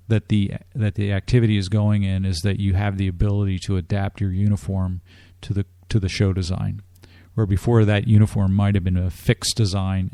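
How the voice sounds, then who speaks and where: Low warm-voiced man explaining. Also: clean tone, no room sound, studio quality. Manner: measured, explaining with restarts. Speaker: drum corps staff guest. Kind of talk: casual radio interview.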